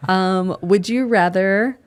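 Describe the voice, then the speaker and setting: A woman coach asking a guest quick, playful rapid-fire questions. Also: mid-range voice, smooth. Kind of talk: casual interview, quick questions.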